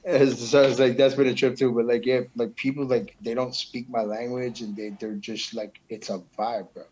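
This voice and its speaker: A man's voice: mid-range voice, flat delivery, moderate pace, a little mellow, husky, highs cut off. A man talking casually about his music, loose and slangy, swearing and saying bro a lot. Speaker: musician guest. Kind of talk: casual chat.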